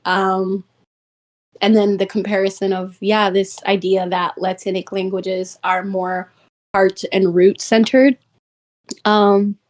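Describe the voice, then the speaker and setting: A woman's voice: mid-range voice, flat delivery, slow pace. A woman in a book club discussion, sharing her thoughts casually with many fillers. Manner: casual, filler-heavy speech.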